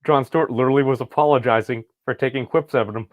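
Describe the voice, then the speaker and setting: A man's voice: mid-range voice, fairly even intonation, quick pace, no echo, phone-quality sound. A middle-aged man hosting a casual online commentary video, talking in rambling, wry asides.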